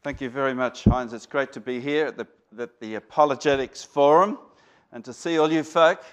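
A man's voice: a little high, normal speed, smooth. A man with an Australian accent, a guest speaker giving a rambling, folksy talk to an audience, full of fillers and restarts.

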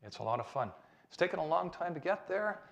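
A man, giving an animated, joking talk to an audience as a chemist and believer. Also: fairly high pitch, brisk, gravelly. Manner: animated, joking, rhetorical questions. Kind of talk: lively public talk to an audience.

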